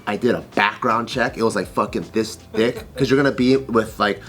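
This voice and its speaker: A man telling a casual story as a guest, relaxed and profane, often laughing. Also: lowish voice, moderate pace, faint music behind.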